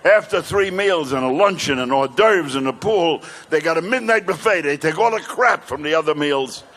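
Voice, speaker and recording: An older male comedian doing stand-up, telling brash rapid-fire jokes. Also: a little high, animated, fairly bright tone.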